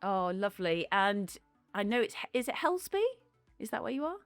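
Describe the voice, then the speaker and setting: A woman's voice: mid-range voice, very animated, normal speed, smooth, no echo, soft background music. A woman, hosting a podcast in a friendly, chatty way and asking follow-up questions. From Cheshire, England. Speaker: podcast host. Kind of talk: casual interview chat.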